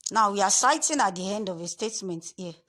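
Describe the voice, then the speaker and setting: A woman's voice: medium pitch, animated, a bit bright. Woman tutor explaining step by step. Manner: repetitive, stresses key words slowly. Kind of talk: screen-share lesson.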